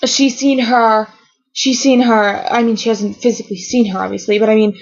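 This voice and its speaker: A woman with a fairly high voice gushes through an excited fan reaction, rambling and trailing off as her thoughts tumble out. The sound is dull and lo-fi, as if caught on a built-in webcam mic at home. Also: moderate pace. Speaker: vlogger reacting to a TV episode. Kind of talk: emotional fan reaction vlog.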